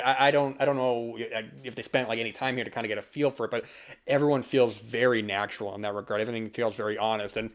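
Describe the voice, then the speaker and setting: A young man from the US East Coast rambles through a casual film review, pausing on fillers and starting sentences over. His voice sits a little low. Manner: rambling, many fillers and restarts. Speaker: podcast host.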